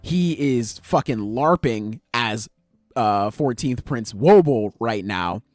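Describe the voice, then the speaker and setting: A man's voice: medium pitch, slow, no room sound, faint music behind. Podcast host, man, loose and slangy, voice swings all over, dry close sound. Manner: animated, slangy, swears freely. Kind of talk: casual chat, retelling manga chapters.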